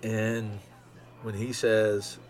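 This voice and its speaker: Excitable rambling man around fifty. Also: fairly low pitch, extremely slow. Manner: excitable, rambling fan talk with many ums. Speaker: podcast host. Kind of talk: casual solo podcast monologue.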